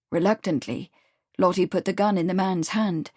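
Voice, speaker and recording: A woman narrating an audiobook in a steady, even storytelling manner. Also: lowish voice, normal speed, no room sound, clean studio sound. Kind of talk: scripted narration.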